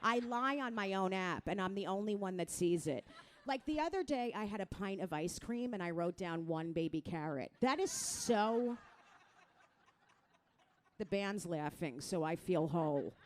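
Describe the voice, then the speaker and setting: A middle-aged woman from New Jersey doing a crude, self-mocking stand-up set, talking straight to the crowd and jumping into loud mock voices. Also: mid-range voice, expressive, unhurried, a little hiss or hum. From New Jersey, USA. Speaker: stand-up comedian.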